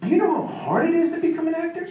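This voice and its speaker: A man voicing an exasperated male coach who shouts and scolds in disbelief. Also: on the high side, expressive, fairly quick, highs cut off, voice pushed up, natural voice. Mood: scolding. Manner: loud, scolding, incredulous. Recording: echoey room from far off, ambient noise.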